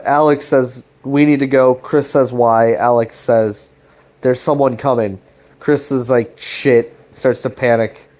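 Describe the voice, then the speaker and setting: A man rambles through a casual recap of a web series, swearing freely as he paraphrases each character's lines. His voice sits at an ordinary middle pitch, and he retells the scenes loosely with restarts. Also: darkish tone. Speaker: commentary channel host.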